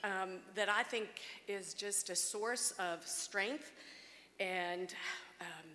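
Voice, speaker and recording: Woman in her 50s giving a heartfelt thank-you speech, bright voice, lots of ums, echoey big hall w/ faint noise. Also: medium pitch, drawn-out words. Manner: heartfelt, with frequent ums and restarts. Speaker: award honoree. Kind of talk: acceptance speech. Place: gala banquet hall.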